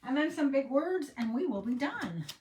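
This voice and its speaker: A woman's voice: high-pitched, sing-song, moderate pace, background noise. A middle-aged woman hosting a crafting tutorial, chatting and rambling to herself as she works. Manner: chatty, rambling, talks to herself while working. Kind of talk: casual crafting demo chat.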